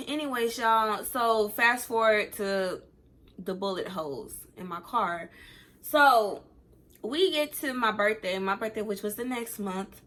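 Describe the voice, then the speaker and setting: A woman's voice: medium pitch, normal speed. A young adult woman telling a casual, rambling storytime, acting out the things people said. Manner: rambling, animated retelling that acts out quoted dialogue. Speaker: vlogger.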